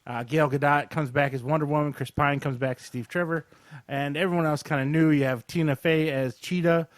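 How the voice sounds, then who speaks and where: Slightly high-pitched and fairly quick, a man co-hosts a podcast and casually retells a movie's story with plenty of animation. He mimics the characters in exaggerated voices during this relaxed review chat, and there's no echo.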